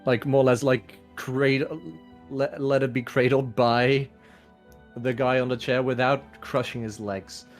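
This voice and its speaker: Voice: little pitch movement, faint music behind. A player in a tabletop game describing their character's action hesitantly, with many fillers. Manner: hesitant, filler-heavy, low and slow. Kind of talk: casual tabletop game play.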